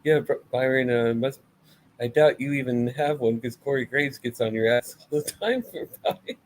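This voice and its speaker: A man rants through a wrestling review in blunt, sarcastic, profane bursts. His voice sits at an ordinary middle pitch. A faint hum runs underneath. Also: normal speed, low-quality recording. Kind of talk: casual ranting review.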